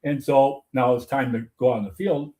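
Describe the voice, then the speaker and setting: A man's voice: mid-range voice, steady tone, moderate pace, mellow. An older man hosting a casual chat, a former umpire telling stories and laughing at his own punchlines. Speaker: host, former softball umpire.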